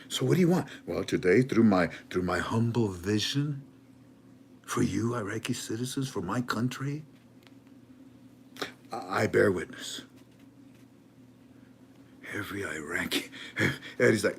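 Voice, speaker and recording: A man giving an animated commentary monologue in a dramatic, emphatic way, with many stammering restarts. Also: lowish voice, measured pace, creaky, pauses often, slightly rough. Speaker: online currency commentator.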